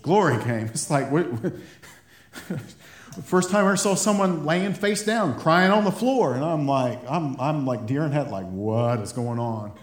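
A man preaching a sermon to his congregation, animated, laughing often and repeating words as he goes. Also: fairly high pitch, measured pace. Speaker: pastor. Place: church hall. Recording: echoey church room.

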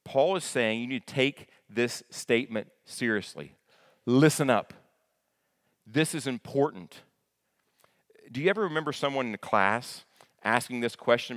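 In a church sanctuary with long hall reverb, a male pastor delivers a conversational sermon, repeating his words as he goes and putting questions to the congregation. His voice is mid-range and his speed is normal.

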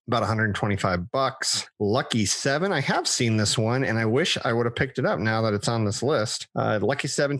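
A man in a relaxed podcast conversation, reading off a list in a chatty, stop-start way. His voice sits in a mid male range and sounds close and dry, with little room in it. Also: mid-range voice, no room sound. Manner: chatty, with frequent restarts and fillers, reading from a list. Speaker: podcast host. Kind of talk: casual chat.

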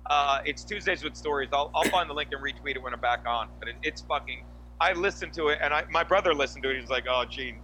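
A man hosting a podcast, telling animated stories in casual chat with lots of asides. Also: a little high, quick pace, slight background noise, low-quality recording. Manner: animated storytelling, frequent asides. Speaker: podcast host.

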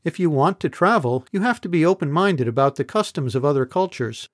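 A man's voice: a little high, animated, brisk, dry recording, studio quality, natural voice. A man voicing a worldly, open-minded woman. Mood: lecturing.

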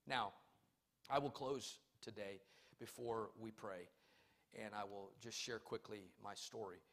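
A male pastor preaching a sermon in church. He swings between loud, emphatic calls and quiet, personal storytelling. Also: lowish voice, steady tone, unhurried.

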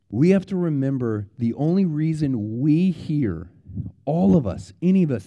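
Male pastor, children's sermon, animated storyteller, very mellow dark tone. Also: medium pitch. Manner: animated storyteller, repeats words, yells out quoted warnings.

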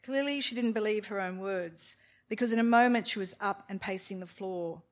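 A woman reading a novel aloud in a mid-range voice, measured and expressive in her storytelling. Now and then she steps outside the text for brief asides to her listeners. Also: medium pitch. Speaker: reader of a novel.

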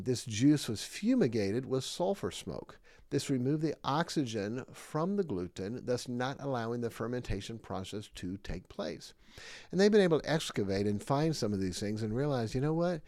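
A man's voice: mid-range voice, animated, moderate pace, darkish tone, dry recording, clean studio sound. A man giving a Bible lesson in a sermon-like way. He is emphatic and drives his points home with rhetorical questions and repetition. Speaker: podcast preacher and jail Bible teacher.

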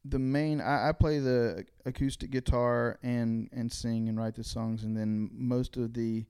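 A man being interviewed as a songwriter guest, soft-spoken and hesitant, often repeating his words. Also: mid-range voice, fairly even intonation, a little slow, clear, resonant tone. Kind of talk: casual interview chat.

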